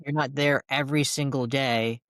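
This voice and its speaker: Man, podcast host, smooth resonant voice, dry room, explanatory. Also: medium pitch, steady tone, moderate pace, a bit bright, dry recording. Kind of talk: casual interview talk.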